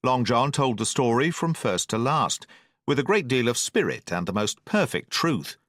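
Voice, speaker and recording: A man narrating a classic adventure novel as an audiobook, in a steady, expressive storytelling manner. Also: mid-range voice, moderate pace, no echo, studio quality.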